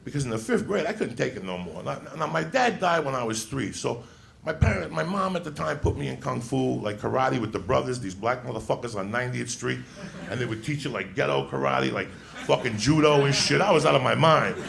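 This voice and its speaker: A man's voice: medium pitch, lively intonation, fairly quick, creaky, fairly bright tone, slight background noise. A man telling a rowdy childhood story on stage as a stand-up comedian, swearing and laughing as he goes.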